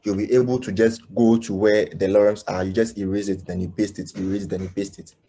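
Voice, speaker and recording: A man teaching web development in a live online class. He speaks haltingly, with many fillers, and keeps checking whether his students understand. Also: fairly low pitch, flat delivery, warm tone. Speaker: coding instructor. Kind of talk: live online coding lesson.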